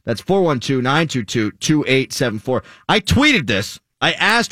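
A man's voice: medium pitch, very animated, pushed and bright, no echo. Opinionated male sports radio host. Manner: opinionated, quick, reads listener tweets.

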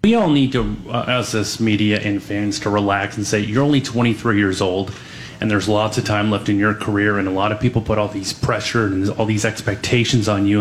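A man in an interview, his voice on the low side, posing a long question in a measured, drawn-out way. He sounds calm and deliberate. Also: slight background noise.

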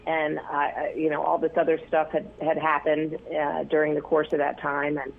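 A man telling stories as an interview guest, rambling with many fillers and restarts, his voice gravelly and husky. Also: fairly high pitch, monotone, normal speed. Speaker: news photographer, interview guest. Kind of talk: casual interview storytelling. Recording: tinny phone line.

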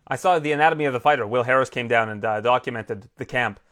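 A man's voice: mid-range voice, a bit bright. A male interviewer asking questions and joking between them. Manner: joking, fast-talking.

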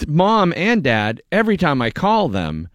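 A man co-hosting a casual chat, quick to joke and chime in. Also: a little high, huge pitch swings, a bit bright, no echo, clean studio sound. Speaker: co-host.

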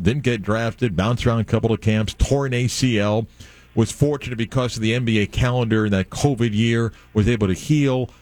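A man's voice: mid-range voice, darkish tone, no room sound. A man hosting a sports radio show, talking casually with many filler words.

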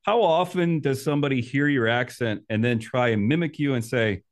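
Male podcast host, mid-pitched, upbeat, chatty, asks questions. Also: moderate pace, few pauses. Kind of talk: casual podcast interview.

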